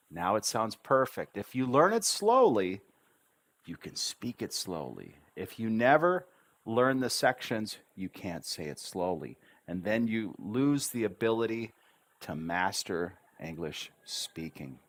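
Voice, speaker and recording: A man teaching English pronunciation on a livestream, stretching out syllables slowly and emphatically as he coaches learners. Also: on the low side, a bit bright, no echo. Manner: slow, emphatic, drawn-out syllables. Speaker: English tutor. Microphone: livestream webcam mic.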